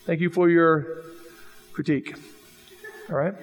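A man's voice: on the high side, moderate pace, long pauses. A man preaching a sermon, telling jokey stories and acting out the quoted lines. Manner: animated, jokey storytelling with acted-out quotes. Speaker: pastor. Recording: long reverb of a hall.

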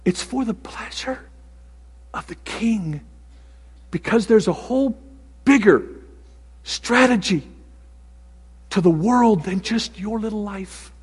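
A man preaching a sermon as pastor, swinging from loud exclamations to hushed whispers. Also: sits high, takes it slowly, pauses often, breathy edge, big-room sound.

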